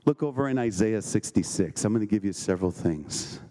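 A man preaching a sermon, reading scripture aloud and checking in with the congregation with quick questions. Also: fairly low pitch, expressive, dark tone. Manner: conversational, with emphatic questions to the congregation.

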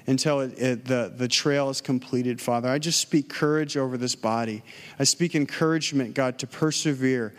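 A man preaching, telling a personal story in a casual way with many fillers, then leading a prayer. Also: medium pitch. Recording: long hall reverb.

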